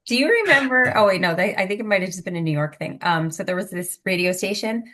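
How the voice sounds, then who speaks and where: A woman co-hosts a relaxed podcast, chatting and spinning stories with plenty of "like" along the way. Her voice sits in a middle register. She talks the way a friend does at a table. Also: mid-range voice, quick pace. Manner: chatty, animated storytelling with lots of "like". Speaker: podcast co-host. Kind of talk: casual chat.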